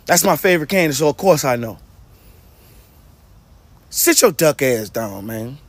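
Mocking male ranter, high husky voice, dry sound. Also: very animated, a little slow, dry recording. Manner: sarcastic, profane, mocking. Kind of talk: angry rant.

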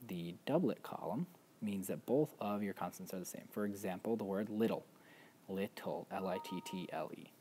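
A man teaching a spelling lesson, patiently explaining step by step with frequent pauses and ums. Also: sits low, warm tone, slight background noise. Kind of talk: instructional walkthrough.

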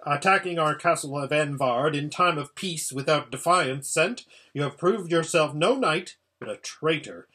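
Man doing a gruff old king, bossy and formal, kinda husky, lots of swing in the voice. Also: a little high, fairly bright tone. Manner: commanding, stern, formal. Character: gruff, proud older king, stern yet fond.

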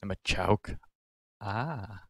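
A British man hosting a card-opening video, casually calling out each card and getting excited over good pulls. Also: lowish voice, slow, no room sound. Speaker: card-opening channel host.

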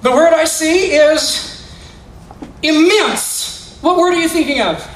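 A man with an extremely high pitch talks at normal speed while performing magic live at a school. He coaxes child volunteers through mind-reading tricks with playful, theatrical patter. A faint hiss or hum accompanies the echoey, far-off recording from an indoor school room or gym.

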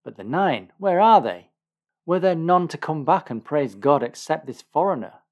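Jesus, calm and emphatic teacher, read by a male narrator, plain storybook reading. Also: mid-range voice, normal speed, natural voice. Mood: reproachful.

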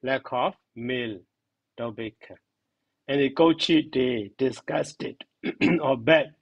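Man, grammar teacher, slow repetition of terms, dry close sound. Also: mid-range voice, husky, no echo, dull audio. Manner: slow, repeats terms and glosses them. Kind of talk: classroom grammar lesson.

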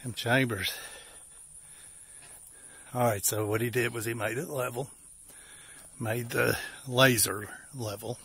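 A man's voice: mid-range voice, fairly even intonation, slow pace, long pauses, bright, forceful tone, breathy edge, dry recording. A man with an Appalachian accent narrating outdoor work casually, out of breath and joking in folksy slang. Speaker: vlogger.

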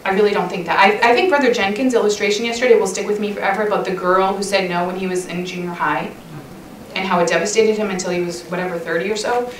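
A woman's voice: medium pitch, steady tone, fast, slight background noise. A middle-aged woman telling a chatty, self-mocking story to a church women's session, laughing often. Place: church hall. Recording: roomy hall sound, mic at a distance.

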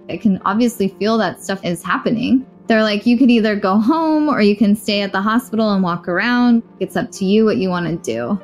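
A young woman tells her own story in a podcast interview, plain-spoken and blunt, slipping into the voices of the people she quotes. Her pitch sits in an ordinary middle range. A soft bed of music runs faintly beneath her. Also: expressive, brisk, few pauses. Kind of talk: personal storytelling.

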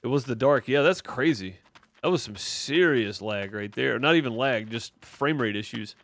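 Streaming a game live, this man speaks with a Mississippi Southern accent in a mid-range, slightly bright voice. His intonation is lively and his pace moderate as he answers chat, rambling and using plenty of fillers.

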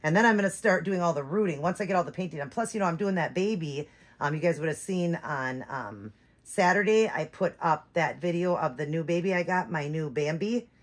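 Low husky woman rambling to her viewers. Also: a little fast. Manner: rambling, with many fillers and restarts. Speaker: doll-collecting channel host. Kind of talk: casual chat.

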